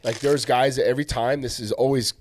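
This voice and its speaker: A man's voice: mid-range voice, fairly even intonation, fairly quick, a little hiss or hum. A man hosting a podcast, chatting casually, blunt and swearing freely as he quotes people in dialogue. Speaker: podcast host, fight coach. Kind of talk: casual chat.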